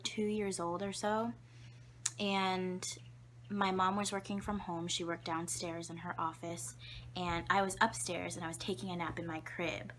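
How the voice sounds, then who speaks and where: A woman's voice: fairly low pitch, fairly bright tone, slight background noise. A young woman telling embarrassing childhood stories to camera, chatty and giggly, with lots of fillers and whispered asides. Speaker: vlogger. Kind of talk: casual storytelling to camera.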